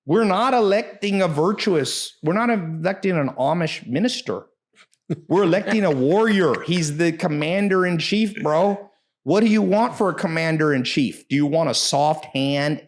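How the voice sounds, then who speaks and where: A man's voice: fairly high pitch, lively intonation, normal speed. A man in casual podcast talk, telling brash, profane stories with sudden bursts of emphasis.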